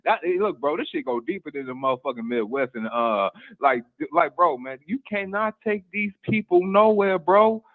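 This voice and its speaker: A man's voice: fairly high pitch, lively intonation, moderate pace, hardly any pauses. A man guest on a call-in show, ranting in an exasperated way and repeating himself as he goes. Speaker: guest podcaster. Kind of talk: casual ranting commentary. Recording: tinny phone-like line.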